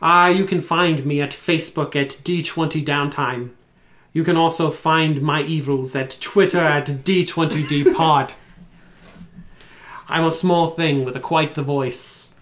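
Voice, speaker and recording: A man voicing a tiny, mischievous male demon with a theatrical delivery that drops deeper as it gets dramatic. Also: fairly even intonation, unhurried, fairly bright tone. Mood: gleeful boasting.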